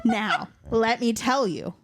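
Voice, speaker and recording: A woman's voice: fairly high pitch, slow pace, dry recording. Breezy young woman retelling a story. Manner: breezy, playful, lots of "like", mimics characters in passing. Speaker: podcast host. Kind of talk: casual comic book retelling.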